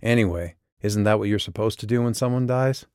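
A man playing a wry, gentle young ghost. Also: fairly low pitch, brisk, smooth, no room sound, studio quality, natural voice.

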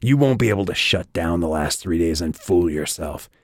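Audiobook role: a sandblasted, growling hooded stranger, played by a man, deep and dry. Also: lively intonation, moderate pace, a little mellow, dry recording. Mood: intense. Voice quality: sandblasted, gravelly. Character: gruff, cryptic hooded male stranger.

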